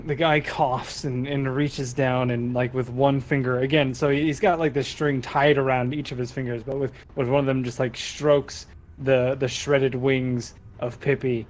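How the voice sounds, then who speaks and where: A man's voice: medium pitch, little pitch movement, unhurried. A man running a tabletop game as game master, narrating casually and quizzing the players.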